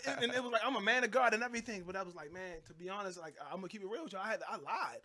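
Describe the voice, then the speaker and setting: A man from Baltimore, a guest telling a story in casual chat, animated and acting out the people in it. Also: high voice, racing. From Baltimore, USA. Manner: animated, acts out voices in his stories, laughs often. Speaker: guest, Christian rapper.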